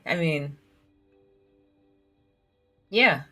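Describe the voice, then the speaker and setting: Bright, giggly woman playing a story game. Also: fairly low pitch, animated, unhurried, pauses often, soft background music. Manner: giggly, self-deprecating, reads dialogue aloud. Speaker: gamer reading all the game's characters. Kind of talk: let's play commentary.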